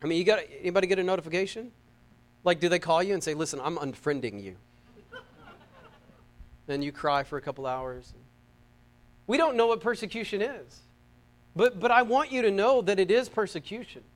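High-voiced, fervent American preacher man. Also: brisk. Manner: fervent, rising to loud emphatic peaks and dropping to soft asides; repeats words and phrases. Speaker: pastor. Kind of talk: sermon.

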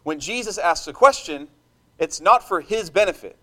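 Pushed and bright, the noticeably high voice of a man preaching from the pulpit moves at a moderate pace with lively intonation. His sermon is impassioned and emphatic, and he seeks a response from the congregation.

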